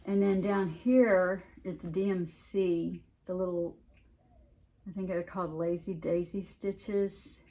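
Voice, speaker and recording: A woman with a Southern US accent shows off her needlework in a relaxed, rambling chat. She talks at an unhurried pace with a slightly low voice, and she often restarts her sentences and fills gaps with "um". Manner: chatty, rambling, many restarts and ums. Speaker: cross-stitch vlogger. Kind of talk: casual show-and-tell chat.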